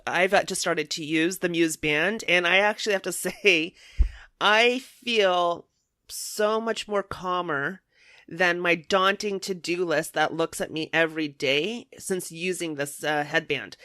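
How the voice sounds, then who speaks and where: A woman podcast host telling a casual story in an animated, self-mocking way. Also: on the low side, no echo.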